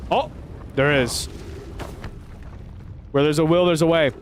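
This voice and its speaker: An American man giving live gameplay commentary as a streamer, chatty with his viewers and quick to swear. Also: on the high side, fairly even intonation, a little hiss or hum.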